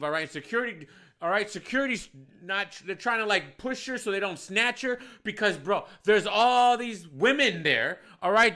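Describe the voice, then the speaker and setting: Bright-voiced, profane bar manager telling a story. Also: male voice, sits high, animated, normal speed. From Detroit. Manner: heated, profane, swings from quiet to shouting.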